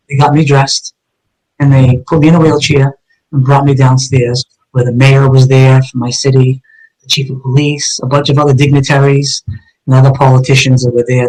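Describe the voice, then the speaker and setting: A man's voice: medium pitch, darkish tone, low-quality recording. Earnest middle-aged man telling his story. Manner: earnest, vivid storyteller who acts out dialogue. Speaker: retired police detective, guest. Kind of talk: personal story told in a live interview.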